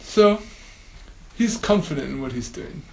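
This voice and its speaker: A man telling a spiritual story in an animated way, laughing often and using many fillers. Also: fairly high pitch, a little slow, gravelly, echoey room, dull audio. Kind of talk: storytelling talk.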